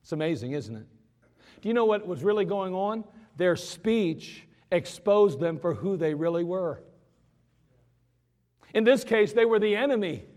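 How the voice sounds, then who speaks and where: High animated preacher, church reverb. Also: male voice, measured pace, pauses often. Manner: dramatic, acts out scenes with voices. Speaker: pastor. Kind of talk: sermon. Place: church sanctuary.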